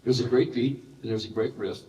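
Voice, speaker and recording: Older male guest, lively anecdotal storyteller, distant mic in a big reverberant hall. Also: mid-range voice, fairly quick. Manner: animated anecdotes with laughter. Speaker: interview guest. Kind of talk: storytelling in a live Q&A. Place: large hall with live audience. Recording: roomy echoey hall, heard from a distance.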